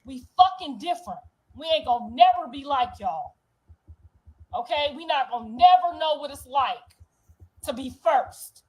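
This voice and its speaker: High-pitched woman, raw defiant monologue. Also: lively intonation, moderate pace, poor audio. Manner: rises from low brooding to loud outbursts. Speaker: reality show cast member. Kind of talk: emotional confessional monologue.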